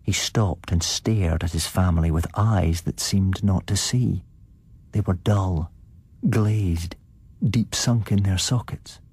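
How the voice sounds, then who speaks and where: A man giving a scripted, measured narration of a gothic tale. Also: low voice, darkish tone, slightly rough.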